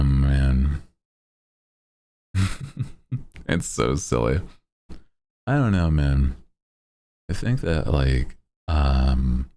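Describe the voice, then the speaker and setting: A man's voice: very deep voice, gravelly, a little mellow. A man streamer chatting casually and rambling, laughing often and swearing freely, into a desk microphone. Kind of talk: casual livestream chat.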